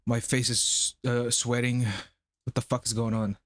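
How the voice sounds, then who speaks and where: A man's voice: mid-range voice, level tone, a little slow, no room sound, studio quality. A man live-streaming in casual, rambling chat, swearing freely. He feels unwell and his nose is stuffy and running. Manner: profane, rambling.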